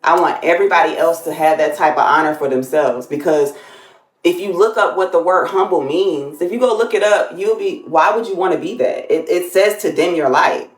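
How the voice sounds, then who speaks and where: A woman's voice: fairly low pitch, brisk, echoey room. A woman co-hosting a casual live stream, musing in loose, rambling thoughts. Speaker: livestream co-host.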